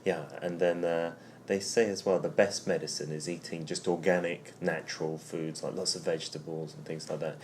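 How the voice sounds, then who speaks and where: A man in a relaxed, chatty conversation who laughs easily. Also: sits low, normal speed, few pauses, slight background noise. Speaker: conversation partner in a lesson dialogue. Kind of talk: casual chat.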